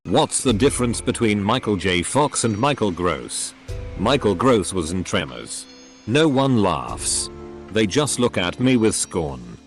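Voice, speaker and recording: A man's voice: lowish voice, big pitch swings, measured pace. A man reading forum posts aloud, speaking punctuation marks as words. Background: faint background music.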